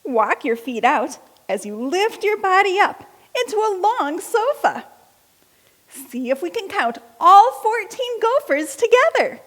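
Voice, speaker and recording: A woman leading a kids' yoga class, giving slow, encouraging step-by-step instructions between story readings. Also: very high-pitched, big pitch swings. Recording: long hall reverb.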